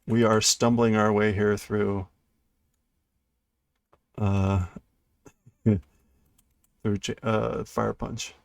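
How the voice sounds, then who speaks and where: Male streamer, unhurried gravelly delivery, dry close sound, thinking aloud with self-corrections. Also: lowish voice, flat delivery, no room sound. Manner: laughs lightly at himself. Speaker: streamer reading a manga aloud. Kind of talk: live-stream read-through, translating as he goes. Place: indoors at his computer.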